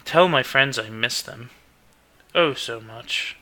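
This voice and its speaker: A man voicing a sly male dark elf spellcaster with a casual, mocking drawl. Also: mid-range voice, takes it slowly. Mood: wistful.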